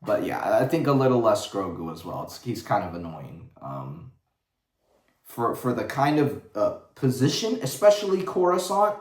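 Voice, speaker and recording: A man's voice: mid-range voice, very animated, moderate pace, a little mellow. A man giving a casual livestream rant in a blunt, profane, rambling way. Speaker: vlogger. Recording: roomy echo.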